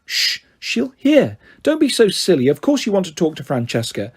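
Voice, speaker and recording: A man's voice: fairly high pitch, huge pitch swings, fast, a little mellow, husky, heavily acted. A man voicing a fussy, snobbish middle-aged mother who talks in a prim, simpering way, reading a storybook aloud.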